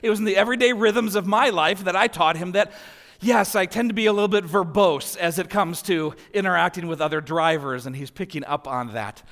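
Pastor in his 40s, tenor-high voice, story-driven sermon, long church-hall reverb. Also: fairly quick, a bit bright. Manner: storytelling, voice rising in anecdotes.

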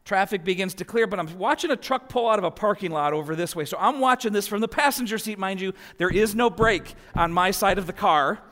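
A man's voice: high voice, fairly quick, few pauses, a bit bright. A man in his forties preaching a sermon as pastor, telling family stories and letting his voice climb as they build. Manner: storytelling, voice rising in anecdotes. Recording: long hall reverb.

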